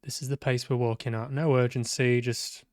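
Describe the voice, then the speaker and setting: A man's voice: mid-range voice, flat delivery, normal speed, a little mellow, no echo, studio quality. A man giving sweary, sarcastic live commentary on a game he is playing, talking back at the characters. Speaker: game streamer. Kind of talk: live let's-play commentary.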